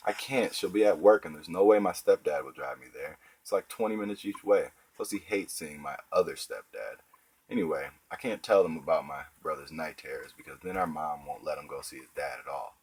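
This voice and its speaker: A man's voice: rumbling low, brisk, darkish tone, slightly rough, exaggerated voice, rough recording. A man reading the part of a tough fifth-grade boy who is blunt and pushy. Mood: anxious, pushy.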